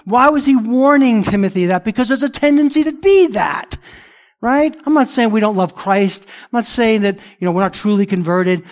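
A middle-aged man delivers a sermon in a high-pitched voice. He is emphatic and drives points home by repeating them. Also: lively intonation, normal speed. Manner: emphatic, repeats phrases for stress. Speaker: pastor.

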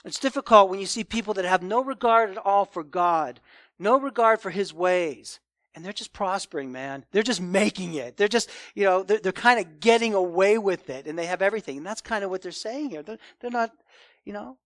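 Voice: medium pitch, brisk, fairly bright tone, no room sound. A preacher giving a Sunday morning sermon in an emphatic, conversational way.

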